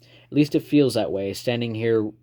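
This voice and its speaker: A man reading a first-person novel aloud in a calm, measured storytelling manner. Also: mid-range voice. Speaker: reader.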